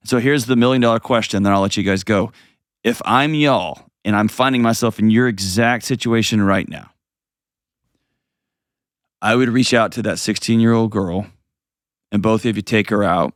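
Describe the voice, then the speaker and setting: A man's voice: fairly low pitch, no echo, studio quality. A man hosting an advice call-in show, earnest and emotional. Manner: earnest, emotional, pauses heavily. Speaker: radio show host.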